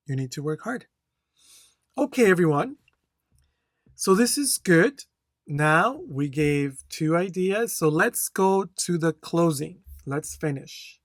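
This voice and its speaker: A language test instructor with a mid-range voice and lively intonation gives a speaking tutorial, talking slowly and deliberately. She checks in with "okay?" after each point and reads a model answer with careful intonation. There's no echo.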